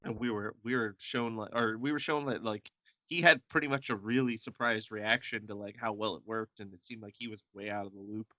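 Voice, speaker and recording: A man's voice: lowish voice, fairly even intonation, brisk, pushed and bright, no echo. A man co-hosting a podcast, joking crudely about a comic and laughing often. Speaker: podcast co-host. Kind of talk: casual comic book chat.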